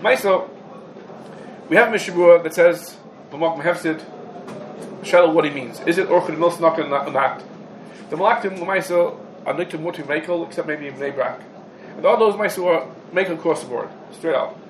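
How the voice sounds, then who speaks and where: A man's voice: a little high, moderate pace. A man giving a halacha class in English, packed with Hebrew and Yiddish terms, in an echoey room. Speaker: Talmud teacher. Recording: echoey room, background noise.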